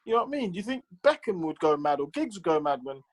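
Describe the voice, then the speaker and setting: A man's voice: fairly high pitch, very animated, quick pace, low-quality recording. A man who is a former professional footballer, telling stories casually as an interview guest, with lots of "like" and "you know" and acted-out quotes.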